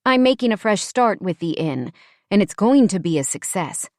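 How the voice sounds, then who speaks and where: A woman's voice: medium pitch, sing-song, moderate pace, dry recording, studio quality, close to an everyday voice. A woman voicing a poised upper-class woman who speaks coldly and firmly, in an audiobook. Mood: icy. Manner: cold, precise, steely.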